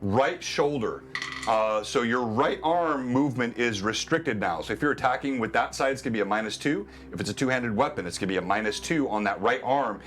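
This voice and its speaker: Animated laughing game master man. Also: mid-range voice, fairly quick, slight background noise. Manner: animated, laughs often, talks through rules and narration. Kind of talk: running a tabletop game on a live stream.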